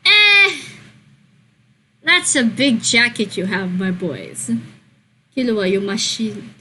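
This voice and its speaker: A woman hosting her channel, chatting casually and excitedly as she plays and reads, gushing, swearing and squealing now and then. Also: mid-range voice, slow pace, a little hiss or hum, poor audio. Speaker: channel host. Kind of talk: casual commentary while gaming and reading.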